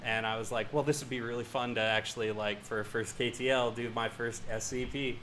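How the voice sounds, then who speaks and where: A man's voice: medium pitch, fairly even intonation, brisk, a bit bright, slight background noise. A man filmmaker answering Q&A questions in a loose, rambling way. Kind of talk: casual Q&A. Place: live screening venue.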